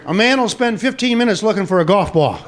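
A man with a strikingly high voice tells stand-up jokes to a live audience, his pitch swooping up and down as he jumps between characters. His delivery is brisk, and he barks the golfers' punchlines. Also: expressive, crowd noise. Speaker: stand-up comedian. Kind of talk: stand-up joke telling.

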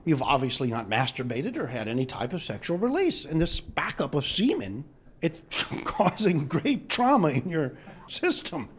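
A man's voice: fairly high pitch, very animated, normal speed, a little hiss or hum. A man playing an earnest male doctor who gives blunt medical advice in a matter-of-fact way.

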